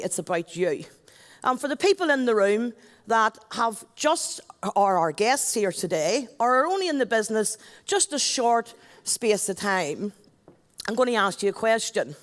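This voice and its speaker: A woman's voice: a little high, a bit bright. A middle-aged woman with a Northern Irish accent, an MC on stage giving a chatty, joking talk and addressing the crowd. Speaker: event MC. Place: stage at a large event. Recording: long hall reverb.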